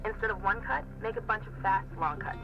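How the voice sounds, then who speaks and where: A man's voice: sits high, lively intonation, fairly quick, muffled recording, noisy background. An actor playing a chatty, friendly male coworker on a salvage crew, calling in over the radio in a video game. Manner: upbeat, talks over radio. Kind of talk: video game character dialogue.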